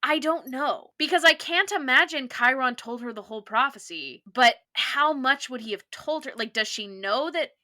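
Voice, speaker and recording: Bright-voiced chatty woman podcaster. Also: sits high, moderate pace, few pauses. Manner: chatty, peppered with "like". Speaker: podcast co-host. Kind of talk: casual chat recapping a TV episode.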